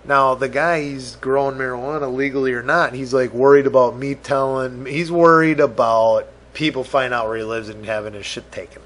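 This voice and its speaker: A man's voice: medium pitch, fairly even intonation, fairly quick, hardly any pauses, a bit bright. A man hosting a podcast, ranting profanely and exasperated, acting out both sides of imagined conversations. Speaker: podcast host. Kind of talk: solo rant podcast.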